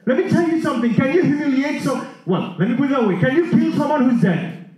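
A man preaching a sermon, telling a story in an animated way with many restarts and repeated words. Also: very high-pitched, quick pace. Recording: echoey hall, voice from far off.

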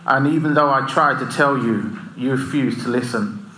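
A man voicing God as a calm, patient divine presence, speaking slowly and gently. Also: medium pitch, slight background noise, natural voice. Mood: gentle. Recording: echoey room, faint ambience.

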